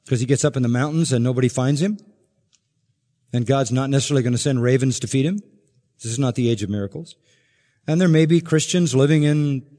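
An older man preaching from the pulpit, his middle-pitched voice carrying a long hall reverb. He drives points home with force, then drops to a hushed, low delivery. The sound is that of a sermon recorded in a church sanctuary. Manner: emphatic preaching, rising to loud peaks and dropping to hushed, low lines. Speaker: pastor.

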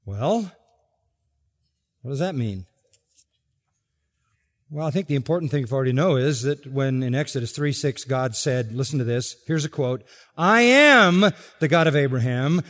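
A man preaching an expository sermon, emphatic, dropping to quiet asides and rising to loud, stressed quotations. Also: fairly high pitch, big pitch swings, a little slow, in a large hall. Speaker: pastor.

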